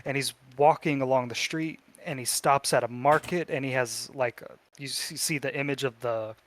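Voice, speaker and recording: A man narrating a tabletop game as game master, telling the story in a relaxed way with fillers. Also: mid-range voice, normal speed, slight background noise.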